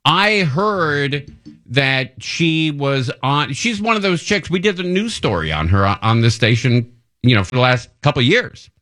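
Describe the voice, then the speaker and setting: A man's voice: medium pitch, animated, unhurried, fairly bright tone. Easygoing middle-aged male radio host. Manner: rambling, easygoing, self-correcting. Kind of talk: casual chat, anecdote telling.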